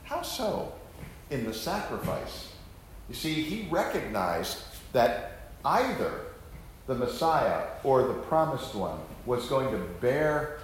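A man preaching with earnest emphasis and plenty of rhetorical questions, his pitch rising and falling in a lively, animated way. His voice rings around a very echoey room with faint noise behind. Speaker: pastor teaching. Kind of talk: sermon-style Bible teaching.

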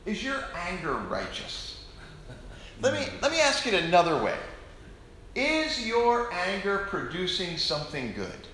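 A male pastor delivering a sermon with an animated, joking storyteller's manner. His voice is bright and rises and falls widely. The church room adds a clear echo. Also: sits high, slight background noise. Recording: echoey room.

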